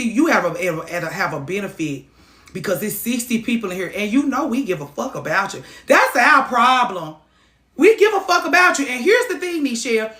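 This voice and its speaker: A woman hosting a talk show, giving animated, profane advice that swings from loud outbursts to low muttering. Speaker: host. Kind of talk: lively advice talk to a caller. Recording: echoey room.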